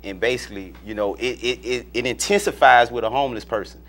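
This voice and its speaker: Speaking fast in a slightly bright, mid-range voice, an Alabama-born film director and producer rambles through stories as a guest in a casual interview. His talk is packed with fillers and false starts, marking him as a Southern storyteller.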